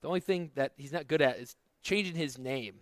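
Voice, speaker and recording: A man calling baseball play-by-play, mixing pitch calls with jokey casual chat. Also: brisk, dry recording. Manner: jokey, conversational between pitches. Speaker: play-by-play announcer.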